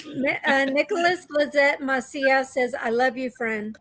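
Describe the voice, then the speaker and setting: A woman's voice: high voice, measured pace, a crowd in the background. A woman hosting a radio talk show, interviewing a guest in a playful, teasing way. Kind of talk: casual radio interview chat.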